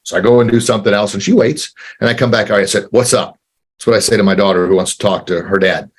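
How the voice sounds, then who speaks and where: An entrepreneur guest, a man in his forties, speaks in a lowish voice with a breathy edge. He tells a candid personal story in an earnest, faltering manner, repeating words and becoming choked up.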